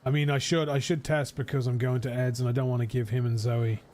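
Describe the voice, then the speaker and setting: A man's voice: medium pitch, little pitch movement, quick pace, a little mellow. Guy streaming a game, chatty and jokey, rambles a bit, faint noise behind. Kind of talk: casual gaming stream chat.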